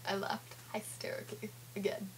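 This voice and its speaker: A woman's voice: medium pitch, flat delivery, moderate pace, a little hiss or hum. A teenage girl, chatting sarcastically in a home vlog with a sore throat. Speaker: vlogger. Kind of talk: casual vlog chat, retelling a comic.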